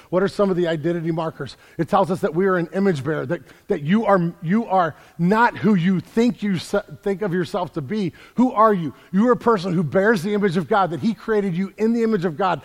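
A man preaching a sermon as a pastor in a church, energetic and repeating words as he builds emphasis. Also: high-pitched, fast talker, few pauses, big-room sound.

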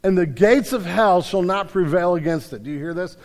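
A male pastor preaching a sermon, emphatic, swinging between loud declarations and quiet stretches. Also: high-pitched, fairly quick, big-room sound. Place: church sanctuary.

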